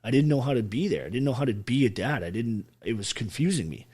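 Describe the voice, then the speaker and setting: A man's voice: mid-range voice, expressive, fast talker, darkish tone, slightly rough. A man, an army veteran guest telling his story bluntly and with heavy swearing, acting out what others said. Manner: profane, blunt, acts out quoted speech. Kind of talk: emotional storytelling on a podcast.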